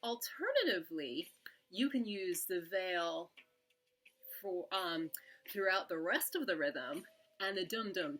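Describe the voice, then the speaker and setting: A woman from the UK teaching a dance lesson, explaining in a relaxed, casual way with some filler words. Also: medium pitch. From United Kingdom. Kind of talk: casual instructional talk.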